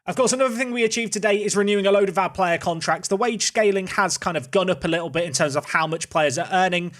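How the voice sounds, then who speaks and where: A man's voice: high-pitched, fast, fairly bright tone. A man hosting casual gameplay commentary, chatty and thinking aloud as he plays. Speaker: host.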